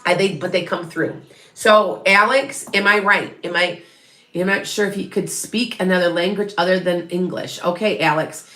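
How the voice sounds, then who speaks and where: A woman's voice: lowish voice, fairly bright tone. Rambling middle-aged woman medium, echoey room. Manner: rambling, chatty, many restarts and self-corrections. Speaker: psychic medium. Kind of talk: live reading to viewers. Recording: roomy echo.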